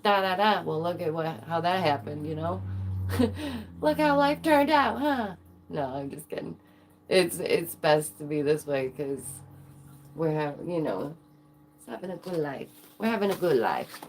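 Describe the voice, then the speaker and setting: A woman's voice: low-pitched, a little mellow, a little hiss or hum. Giggly chatty woman streamer. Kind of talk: casual livestream chat.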